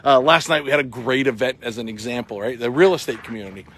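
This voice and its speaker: A man's voice: mid-range voice, quick pace, fairly bright tone. A middle-aged man from Massachusetts, out of breath, hosting an upbeat, chatty live morning talk outdoors at a ball field. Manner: upbeat, chatty, many ums and uhs. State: sweating and out of breath. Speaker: real estate broker hosting a morning show.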